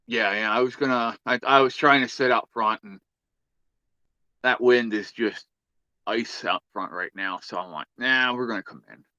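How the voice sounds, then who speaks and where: A man's voice: mid-range voice, moderate pace, bright, forceful tone, no room sound, dull audio. A man hosting a casual livestream chat, easygoing and chatty, reading out viewer comments. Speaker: livestream host.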